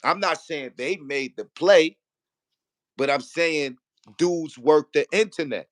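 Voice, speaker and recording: A man's voice: fairly high pitch, slow pace, dry recording, clean studio sound. A man in casual debate, rambling with restarts and often asking if he's understood. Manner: rambling, repeats "you feel what I'm saying".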